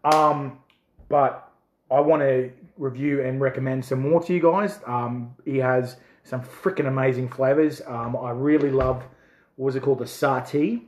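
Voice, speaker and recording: Excitable man reviewing chili. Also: medium pitch, normal speed, echoey room. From Australia. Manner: excitable, swearing, laughing through chili heat. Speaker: food reviewer. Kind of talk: casual chili review vlog.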